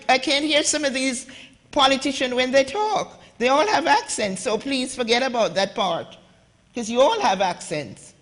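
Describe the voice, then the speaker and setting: A woman's voice: fairly high pitch, a bit bright. A woman from Jamaica with a Jamaican accent, giving an impassioned talk at a conference and speaking straight to the audience. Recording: echoey hall with long reverb.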